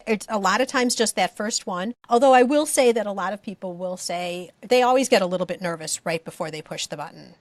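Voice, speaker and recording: A woman's voice: mid-range voice, dry recording. A woman hosting a podcast interview, asking questions in an encouraging, conversational way. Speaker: podcast host.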